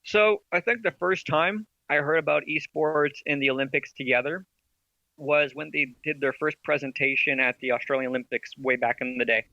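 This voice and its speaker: A man with a somewhat high voice speaks at a moderate pace, his tone pushed and bright, on a muffled recording with no room sound. He's a podcast guest who founded an esports team, and in this casual interview chat he rambles enthusiastically, making his points through rhetorical questions.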